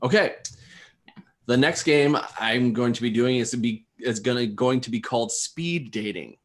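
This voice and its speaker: A man's voice: mid-range voice, moderate pace. A man hosting a casual online game show in a laid-back way, chuckling between explanations.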